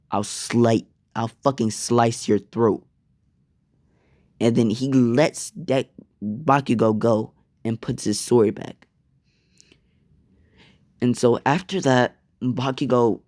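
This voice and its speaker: A man's voice: medium pitch, a little mellow, no room sound, studio quality. A young man casually telling a fan-fiction story, rambling and swearing.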